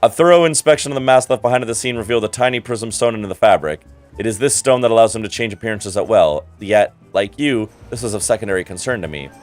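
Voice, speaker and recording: A man's voice: lowish voice, quick pace, soft background music, close to an everyday voice. A man reading aloud as a haughty, condescending male investigator from a game, in a formal, cool and superior manner.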